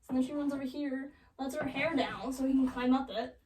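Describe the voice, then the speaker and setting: A young woman casually retelling a classic love story as a joke, with sarcastic asides and quick quoted voices. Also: sits high, steady tone, recorded from a distance, a crowd in the background, low-quality recording. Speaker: comedic storyteller. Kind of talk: joking retelling of a classic play.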